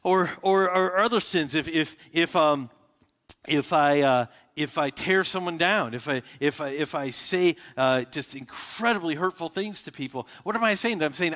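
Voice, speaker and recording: A male pastor delivers a sermon in a relaxed, conversational way, often restarting his sentences and putting questions to his listeners. His voice sits a little higher than most men's, and it carries a long reverberation, like a church sanctuary recorded from the room. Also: moderate pace. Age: adult with children. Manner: conversational preaching with frequent restarts and rhetorical questions. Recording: reverberant hall.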